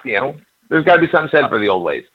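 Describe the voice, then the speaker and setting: A man in his fifties rambles through anecdotes with frequent stammers in a relaxed interview chat. His voice sits at an ordinary middle pitch. The recording is dull and lo-fi. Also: very fast, breathy edge. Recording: dull lo-fi audio.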